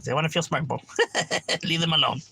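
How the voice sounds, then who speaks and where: A man's voice: fairly high pitch, brisk, vocal fry, pushed and bright, husky. A man, chatting casually and profanely on a livestream from home, peppering his talk with "right?". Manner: laid-back, slangy, profane, keeps asking "right?". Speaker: livestreamer reading chat.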